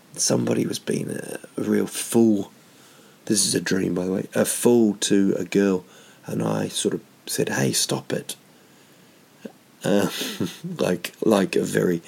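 A comedian with a low, gravelly, slightly husky voice, spinning rambling self-mocking anecdotes. He wanders off on tangents and restarts his sentences as he goes. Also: darkish tone. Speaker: stand-up comedian. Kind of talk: rambling comic storytelling.

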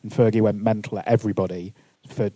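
A man co-hosting a live podcast, telling a lively anecdote. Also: fairly low pitch, fast, dry recording. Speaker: podcast host.

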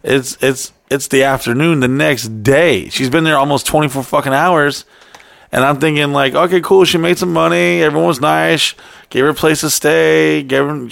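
A young man with a gravelly, creaky voice spins a rambling, profane anecdote on a podcast. He talks casually into a close mic in a dry room. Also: medium pitch, no echo. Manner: profane, animated anecdote-telling. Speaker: podcast co-host. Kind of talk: casual storytelling chat.

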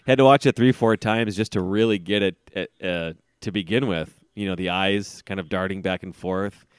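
A man in his forties with a smooth, resonant voice, sitting a little low in pitch. He co-hosts a podcast in loose, joking chat, swears freely and laughs a lot. The sound is dry and close. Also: steady tone, normal speed, no echo. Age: 40s. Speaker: podcast co-host. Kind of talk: casual chat.

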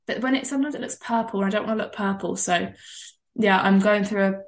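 A young woman co-hosting a relaxed podcast, talking in an animated, excitable way. Her voice sits in an everyday middle pitch. She laughs easily as she goes. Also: a little fast. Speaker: podcast co-host. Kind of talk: casual podcast chat.

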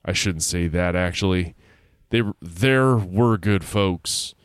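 A man's voice: low voice, takes it slowly, clean tone, dry recording, clean studio sound. A man reading a spooky story aloud in a casual way, with laughing asides.

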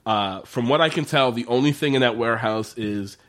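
A man's voice: medium pitch, fairly quick, a bit bright. A man in casual podcast chat, recapping a TV episode with lots of swearing and laughter, acting out the characters' lines. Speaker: podcast co-host.

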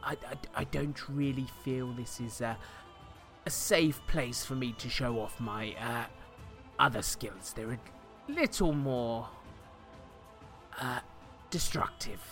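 Bright-voiced man playing a tabletop game. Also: mid-range voice, takes it slowly, soft background music. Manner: chatty, stammering, laughs often. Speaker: player. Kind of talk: tabletop role-play banter.

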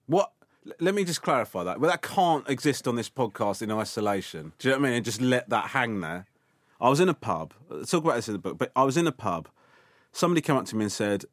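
A man's voice: on the low side, dry recording, clean studio sound. A man, a comedian guest telling stories in a casual interview and acting out the other people in them. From England. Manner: animated storytelling, acts out other people's lines.

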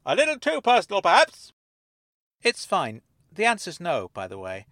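A man voicing a calm woman claiming to be alien. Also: high-pitched, dry recording, clean studio sound, voice pushed up, full character voice. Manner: measured and unruffled. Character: calm, composed woman who says she is not human. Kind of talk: audiobook character voice.

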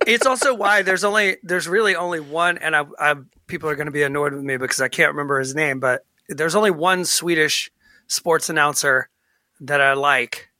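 An American man co-hosting a casual sports podcast, animated and rambling, often asking "you know what I mean.". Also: fairly high pitch, brisk, no room sound. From United States. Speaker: podcast co-host. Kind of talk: casual chat.

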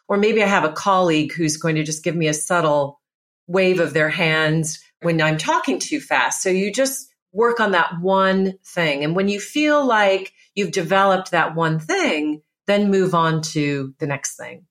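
A woman's voice: fairly low pitch, expressive, measured pace, a bit bright. A middle-aged woman, a presentation coach, giving emphatic, instructive advice step by step in an interview. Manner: emphatic, instructive, lists steps.

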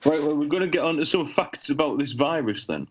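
A man, a podcast co-host telling crude jokes in casual banter with a deadpan delivery. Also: a little high, brisk, background noise. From England. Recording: dull lo-fi sound.

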